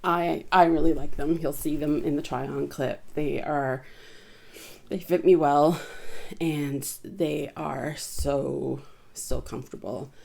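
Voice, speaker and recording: A woman with a notably low voice talks casually through a review of things she bought. She rambles in a relaxed, chatty way, with plenty of fillers and restarts. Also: slow, vocal fry. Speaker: vlogger reviewing purchases.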